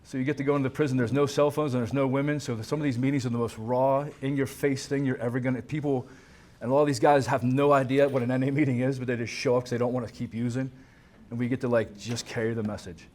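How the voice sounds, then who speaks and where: A man in his thirties or forties gives a casual, candid personal recovery talk to a crowd in a banquet hall at a recovery conference, peppering it with "man," "dude," and the odd swear. His mid-range voice is a little mellow, with a flat delivery and a quick pace.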